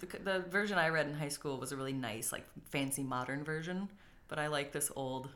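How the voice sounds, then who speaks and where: A young woman with a fairly low voice chats loosely as a podcast co-host. She rambles, restarts and laughs often as she talks things through. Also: fairly quick, fairly bright tone. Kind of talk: casual chat.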